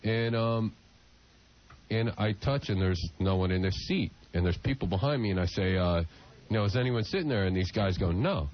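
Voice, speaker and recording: A man's voice: fairly low pitch, animated, normal speed. A blind man telling a rambling, laughing story as a guest on a radio show. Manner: laughing, rambling, imitates others. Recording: muffled radio broadcast.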